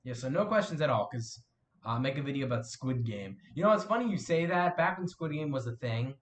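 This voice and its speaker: A man's voice: mid-range voice, a little hiss or hum. Rambling young man chatting on a live stream. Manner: rambling, many fillers and self-corrections. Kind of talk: casual live-stream chat reading viewer comments.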